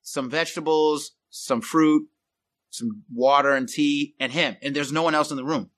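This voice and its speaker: A middle-aged man from the Bay Area, a podcast guest telling stories in a casual, animated way, acting out quoted voices and laughing often. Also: on the high side, moderate pace. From San Francisco Bay Area. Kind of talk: casual storytelling.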